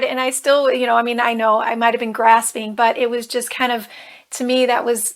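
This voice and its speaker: A woman with a fairly high voice talks straight to camera as a coach. She tells a personal story in an earnest, emotional way and slips in nervous humor. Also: a bit bright. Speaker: life coach.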